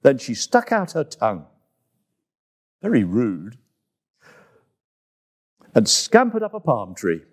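A man reading a children's story aloud in an expressive, unhurried way as the host of a summer story time. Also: medium pitch.

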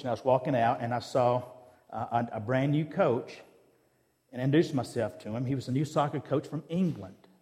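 A man's voice: medium pitch, warm tone. Man preaching in a reverberant hall. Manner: conversational storytelling, acts out dialogue. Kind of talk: sermon with personal stories. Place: church.

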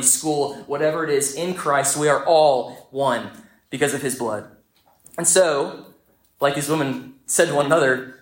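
A young man preaching a sermon, telling a story in a lively, conversational way. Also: a little high. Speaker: pastor. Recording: echoey church room.

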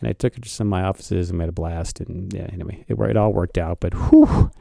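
Guy cohosting a podcast, gravelly low-key tone, chatty storyteller doing little voices, dry sound. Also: fast talker, no room sound. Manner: animated, laughing storyteller, voices the people in his story. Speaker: podcast co-host. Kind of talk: casual storytelling chat.

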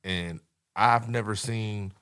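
A man's voice: on the low side, steady tone, takes it slowly, clear, resonant tone. Joking, foul-mouthed podcast man. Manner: loud, joking storyteller, lots of swearing. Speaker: podcast co-host. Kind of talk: casual chat.

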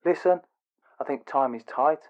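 A man chats casually as a podcast guest in a matter-of-fact way. His voice sits a little high. The sound is dull and lo-fi. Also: normal speed. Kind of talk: casual chat.

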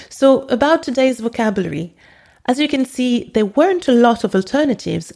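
A woman with a French accent, a native French speaker, hosting a podcast and teaching with clear, deliberate delivery. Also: medium pitch, darkish tone. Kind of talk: podcast language lesson.

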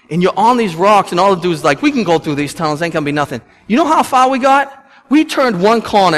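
A young man, a pastor preaching a sermon, telling stories with swings from loud to hushed. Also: high voice, slight background noise. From Massachusetts.

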